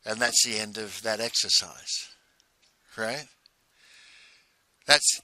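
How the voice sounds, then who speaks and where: Man, coaching monologue, personal story, halting and repetitive, very sharp bright voice, dry close sound. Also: medium pitch, no room sound. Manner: repetitive, halting storytelling that builds emphasis by repeating phrases. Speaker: business coach.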